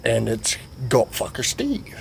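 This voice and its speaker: A man's voice: medium pitch, huge pitch swings, slow, gravelly. A man telling a crude comic story, rambling and profane, with a faint hiss behind him. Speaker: comedic storyteller.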